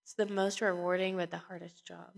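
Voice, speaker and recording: A woman's voice: on the low side, flat delivery, brisk, creaky. A woman co-hosting a podcast, chatting casually and retelling stories with lots of fillers and restarts. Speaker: podcast co-host. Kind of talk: casual chat.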